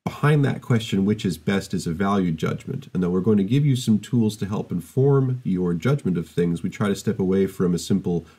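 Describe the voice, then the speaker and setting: A middle-aged man gives a university open day talk in a deep, warm voice. He is measured and thoughtful, pausing with ums and restarting phrases as he explains his subject. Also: animated, husky. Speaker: university lecturer. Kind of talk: recorded open day presentation.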